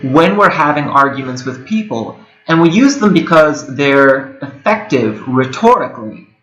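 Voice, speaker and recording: A man's voice: mid-range voice, sing-song, moderate pace, a bit bright, dull audio. A man in his twenties giving a recorded lecture, talking casually and correcting himself as he goes. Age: 20s. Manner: conversational, with frequent fillers and self-corrections. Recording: echoey room with a whirring hum.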